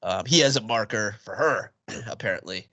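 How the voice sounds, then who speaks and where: A man with a bright, lively voice recaps a film's plot in a casual podcast chat, laughing through his own asides. He sits a bit low in pitch. The sound is dry and close. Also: dry recording, lo-fi sound. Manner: laughs often, quick asides. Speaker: podcast co-host.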